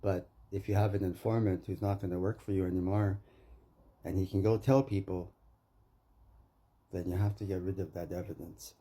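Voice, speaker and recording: A man's voice: sits low, fairly even intonation, moderate pace, long pauses, warm tone, husky. A Canadian man delivering an agitated, profane rant to the camera, accusing someone and repeating his name.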